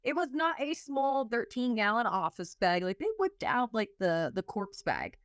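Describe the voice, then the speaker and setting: A woman's voice: on the high side, sing-song, normal speed, no room sound, clean studio sound. A woman hosting a podcast in casual chat, telling a story with lots of laughter and acting out her own reactions. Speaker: podcast host.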